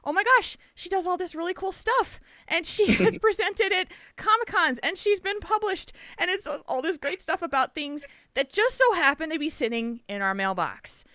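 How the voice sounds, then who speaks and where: A woman's voice: extremely high pitch, animated, moderate pace, hardly any pauses, pushed and bright, dry recording, studio quality. A woman hosting a podcast in casual chat, bubbly and laughing often. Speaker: podcast host.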